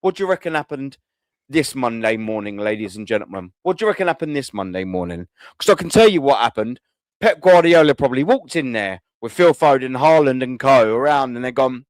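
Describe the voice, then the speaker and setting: A man's voice: mid-range voice, animated, a little fast, no echo. A man, hosting a fan call-in show and ranting furiously, swearing and repeating himself. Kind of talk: angry fan rant.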